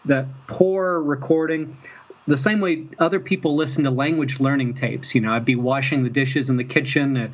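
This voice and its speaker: A man from Mississippi, a fan filmmaker guest, telling stories in a rambling, halting way and chuckling often. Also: medium pitch. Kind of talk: casual storytelling interview. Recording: dull lo-fi with faint noise.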